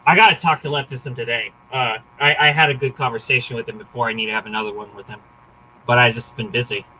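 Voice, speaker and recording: Bright-voiced rambling podcast host man. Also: mid-range voice, steady tone, fast talker, slight background noise, rough recording. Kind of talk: casual political chat.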